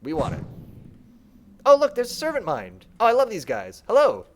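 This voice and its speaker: A man streaming a game, talking casually and working through his choices out loud. His voice sits fairly high for a man. It rises and falls in a very lively way. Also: normal speed, slight background noise. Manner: casual, chatty, thinking aloud. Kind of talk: let's play commentary.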